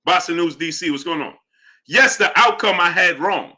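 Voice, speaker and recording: A man's voice: high voice, moderate pace, bright, forceful tone. A man hosting a live boxing stream, arguing with chatters and greeting them by name. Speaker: livestream host. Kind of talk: live chat boxing talk.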